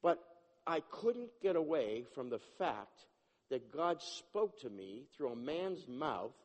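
A man giving a personal testimony, animated and acting out the dialogue, often restarting his sentences. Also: fairly high pitch, slow pace, muffled recording. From Jewish upbringing, not a place. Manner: animated, acts out dialogue, self-interrupting. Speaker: testimony speaker. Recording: long hall reverb.

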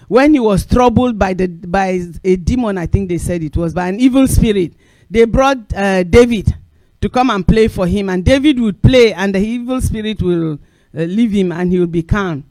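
High-voiced male preacher, dry sound. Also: normal speed, no echo. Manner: animated storytelling with acted quotes; repeats phrases for emphasis. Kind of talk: sermon.

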